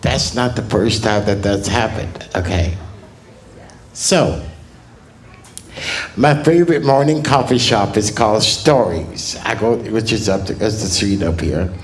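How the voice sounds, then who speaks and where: A male stand-up comedian telling crude stories in a slow, laid-back way on a club stage. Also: lowish voice, expressive.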